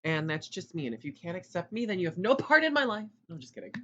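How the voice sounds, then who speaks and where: Young male podcast host, chatty and loud, bright voice, lo-fi dull recording. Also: high voice, very animated, slight background noise. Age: 20s. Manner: talks fast and loud, rambling asides. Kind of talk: casual solo podcast chat.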